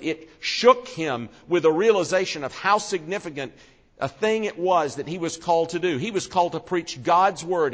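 A man preaching an expository sermon, earnest and slowing down for solemn emphasis. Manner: earnest, slows and drops low for solemn emphasis. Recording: long reverb of a large hall.

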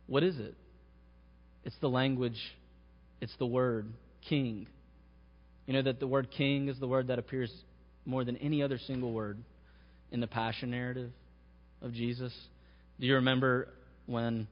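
A man preaching a sermon, his voice rising to stress key phrases. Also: mid-range voice. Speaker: pastor. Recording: muffled sound with long hall reverb.

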